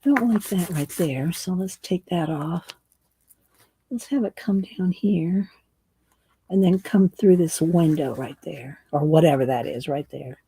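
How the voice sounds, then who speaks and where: A woman's voice: low-pitched, a little slow, mellow, slightly rough. A middle-aged woman hosting a casual art livestream from her home craft room, chatting to viewers as she works. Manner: chatty, talks to viewers while working.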